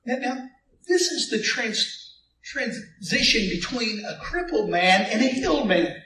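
A male pastor preaching in a fairly high voice, animated and playful, calling on the congregation to answer him. The sound is roomy and echoey, and he seems set back from the mic. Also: measured pace, distant mic, slight background noise. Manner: animated preaching with call-and-response and playful asides. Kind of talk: sermon.

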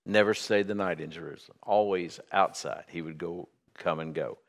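A man's voice: low voice, steady tone, normal speed. A middle-aged or older man preaching a sermon as a pastor, folksy and conversational with humor and fillers. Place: church sanctuary. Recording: long hall reverb.

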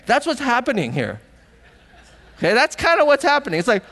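A man's voice: normal speed, long reverb tail. A middle-aged man preaching a sermon as pastor, telling stories animatedly and acting out voices. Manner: animated storytelling, acting out voices with big pitch jumps.

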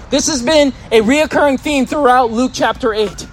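High voiced guy preaching, chatty, keeps asking the church questions. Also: normal speed, slight background noise. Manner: conversational, asks the congregation questions. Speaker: pastor. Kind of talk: sermon.

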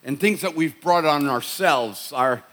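A middle-aged pastor from Boston, USA, preaches with a Boston accent in a conversational, story-driven style, often restarting sentences. His voice is fairly high and a bit bright, and he speaks at a measured pace.

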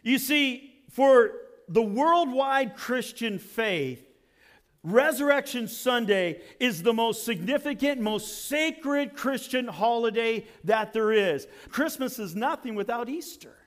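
High-voiced male pastor preaching. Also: expressive, slow pace, fairly bright tone. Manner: rhetorical questions and dramatic emphasis. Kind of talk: sermon.

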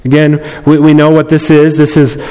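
A man's voice: on the high side, completely flat delivery, normal speed, warm tone, clean tone. A male pastor preaching a sermon, emphatic, often repeating key phrases and acting out voices from the story. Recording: long reverb of a large hall.

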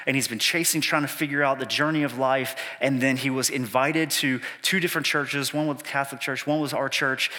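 A man's voice: mid-range voice, sharp tone. A male pastor telling a personal story in a sermon, chatty and self-deprecating, with lots of casual fillers. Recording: long reverb from a church hall.

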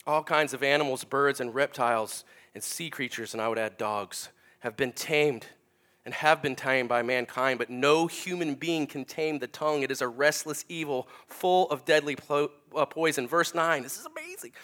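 A middle-aged man preaching a sermon, acting out stories with sound effects and then dropping to a quiet, earnest tone. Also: medium pitch, normal speed. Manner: animated, acts out sounds and stories, drops to hushed tones. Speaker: pastor. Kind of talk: sermon with storytelling.

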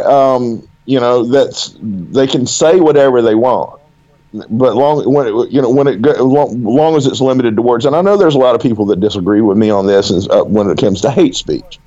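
A Southern American man from the American South, a writer and podcast co-host, rambles animatedly in casual conversation, restarting often. His voice is medium-pitched and the recording is lo-fi.

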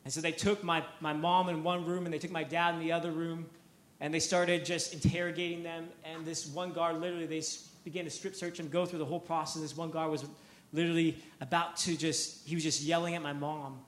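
A man's voice: on the high side, flat delivery, fairly quick, roomy sound. A man preaching a sermon, telling a story with energy, repeating words and acting out the quotes.

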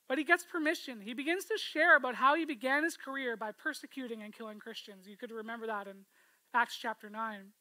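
A woman preaching a sermon, retelling a scripture story with expressive, storytelling delivery and asking listeners to imagine the scene. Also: a little high, a little fast, dry recording, rough recording.

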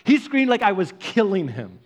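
A male pastor delivering a sermon in a relaxed, conversational manner. His speaking voice sits high for a man. He often restarts and repeats words, and he moves into lively storytelling. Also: moderate pace. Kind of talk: preaching a sermon.

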